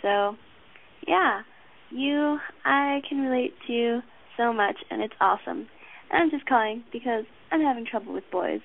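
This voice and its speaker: A woman's voice: fairly high pitch, unhurried, creaky. A young woman leaving a rambling, casual voicemail as a caller to a radio show. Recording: tinny phone-line voicemail.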